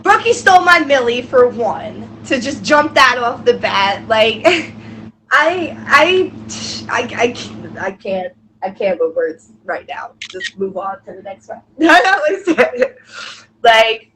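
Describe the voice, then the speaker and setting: A woman's voice: fairly high pitch, very animated, slow pace, fairly bright tone, a little hiss or hum, rough recording. A young woman co-hosting a live-stream show, emotional and gushing, laughing through tears. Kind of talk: casual live-stream chat.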